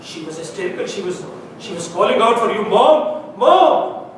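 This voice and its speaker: A man plays a distraught father who stammers and repeats himself as he retells the night. His voice sits high. It is caught from a distance in a very echoey room, with steady hiss and a low rumble behind. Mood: frantic. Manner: halting, stammering, repeating words. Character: anguished father telling of a night with his daughter. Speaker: stage actor in rehearsal. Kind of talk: stage drama rehearsal. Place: rehearsal room.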